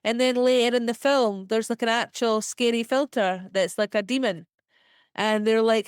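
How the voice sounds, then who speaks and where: A young woman with a Scottish accent, a comedian talking chattily as a podcast guest, full of "like" and quick laughs. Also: on the high side, fairly even intonation, clear, resonant tone, no echo, clean studio sound. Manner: chatty, filler-heavy, quick self-deprecating laughs. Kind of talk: casual podcast interview.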